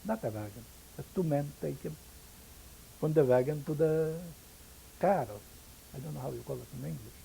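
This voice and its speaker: An older man whose first language is Yiddish, giving oral history testimony in halting English and pausing to search for words. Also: fairly high pitch, gravelly, warm tone, slight background noise, rough recording. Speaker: interviewee, survivor.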